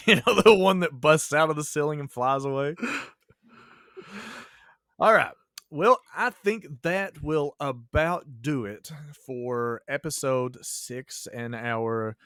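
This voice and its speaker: A man's voice: fairly high pitch, fairly bright tone, dry recording, clean studio sound. Laughing, joking male podcast host. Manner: joking, laughs often while telling stories. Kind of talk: casual podcast chat.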